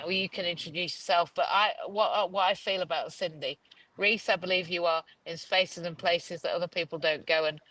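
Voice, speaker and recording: A woman's voice: lowish voice, a bit bright, low-quality recording. A woman with a Yorkshire accent hosting a live video chat, gushing and rambling with many restarts, talking over a video call. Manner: rambling, effusive, restarts often. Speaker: host. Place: Dubai.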